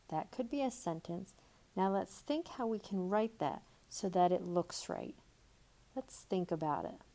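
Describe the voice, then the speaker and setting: Slow, careful woman teaching grammar. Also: mid-range voice, warm tone. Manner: slow and deliberate, reading example sentences aloud. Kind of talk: recorded grammar lesson. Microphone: tablet microphone.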